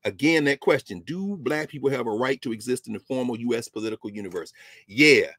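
A man's voice: medium pitch, lively intonation, brisk, a bit bright, dry recording. A man giving a history lecture on a talk show, telling the story with emphasis and dropping into casual asides.

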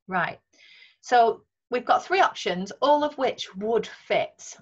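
A woman teacher with a Northern English accent, talking students through a recorded lesson in a clear, patient way with frequent ums. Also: on the high side, animated, slow, muffled recording. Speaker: secondary school English teacher. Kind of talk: recorded remote lesson talk over slides.

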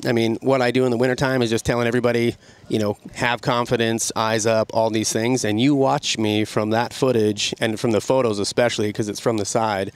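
A middle-aged man, a podcast guest, telling an animated story about riding. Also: medium pitch, a little fast, few pauses, clean tone, dry recording. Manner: animated, excited storytelling with laughs. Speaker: podcast guest, snowmobile rider. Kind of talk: casual storytelling.

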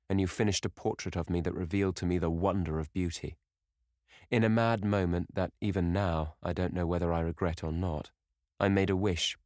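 A man voicing a bitter, despairing young man who speaks low and brooding. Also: darkish tone, no echo, studio quality, close to an everyday voice.

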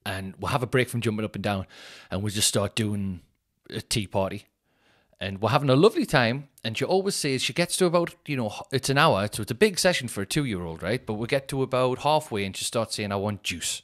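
A man's voice: mid-range voice, animated, brisk, fairly bright tone. A man in his thirties, a podcast host telling a self-mocking comic story with mock outrage. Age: 30s.

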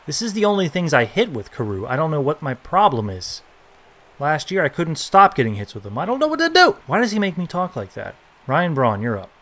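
A young man giving casual, joking commentary while playing a baseball video game, reacting loudly to big plays. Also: a little high, very animated, brisk. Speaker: gaming YouTuber.

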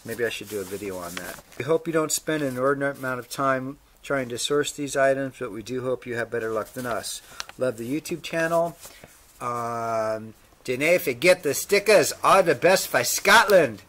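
A man's voice: medium pitch, fairly bright tone. A male vlog host casually reading viewer mail, with a laid-back manner and dry humor, playing along with joke letters. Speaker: motorcycle channel host.

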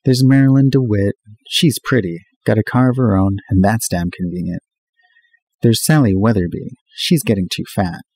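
A man's voice: fairly low pitch, normal speed, a little mellow, breathy edge, no echo. A man doing a restless, vain college boy. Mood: boastful. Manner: eager, self-absorbed. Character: restless vain young male college student.

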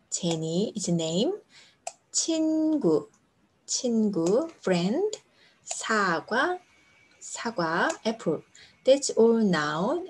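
A woman, a native Korean speaker with a Korean accent, teaching a beginner language lesson in English, repeating each example slowly and checking in with the learner. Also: mid-range voice, dark tone, a little hiss or hum.

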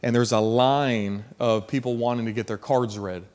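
A man preaching a sermon, telling a story in a casual, slangy way that builds to loud emphasis. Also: mid-range voice, steady tone, normal speed.

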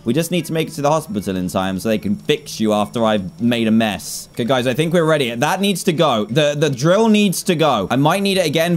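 A young man giving excitable gameplay commentary, often exclaiming and laughing. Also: medium pitch. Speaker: gaming YouTuber.

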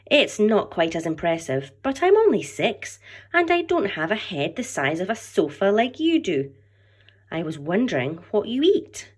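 A woman reading aloud as an excited, cheeky six-year-old boy who writes letters to a dinosaur. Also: mid-range voice, moderate pace, husky, pitched above the performer's own voice. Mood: eager. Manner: bright and eager, reading a child's letter aloud.

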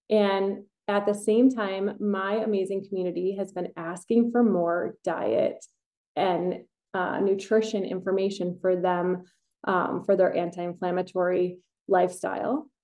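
A woman's voice: mid-range voice, dark tone. A middle-aged woman hosting a casual podcast, chatty and enthusiastic, rambling a little as she talks. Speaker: podcast host, kinesiologist.

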